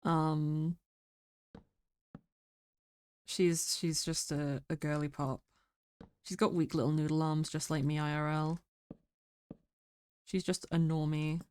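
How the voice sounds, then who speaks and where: A sick woman streamer chatting quietly and mumbling close to her microphone. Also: deep voice, little pitch movement, takes it slowly, long pauses, clear, resonant tone, no room sound. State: sick, rough throat. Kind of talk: casual stream chat. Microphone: very close to mic.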